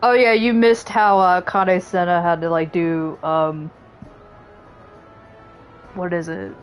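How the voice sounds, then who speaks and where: A woman's voice: on the low side, fairly even intonation, takes it slowly, soft background music. Jokey woman reading game lines aloud. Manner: jokey, laughs often, puts on voices. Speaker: game streamer. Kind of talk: reading game dialogue aloud with casual commentary.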